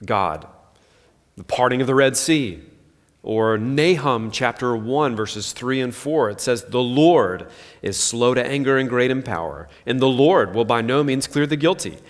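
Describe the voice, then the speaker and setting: A man's voice: medium pitch, animated, measured pace. A pastor in his thirties giving an earnest, conversational sermon full of rhetorical questions. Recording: long hall reverb.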